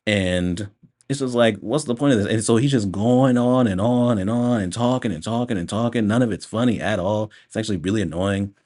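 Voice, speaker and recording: A man talks through a movie review in a relaxed, unscripted way. His voice sits on the low side. He rants with plenty of profanity and breaks often into laughter. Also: brisk. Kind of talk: casual spoken movie review.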